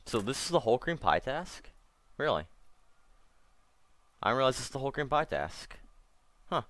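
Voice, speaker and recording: A man's voice: mid-range voice, very animated, moderate pace, a bit bright, no echo. A man doing casual let's-play commentary, rambling and correcting himself, with wry asides. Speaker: gameplay commentator.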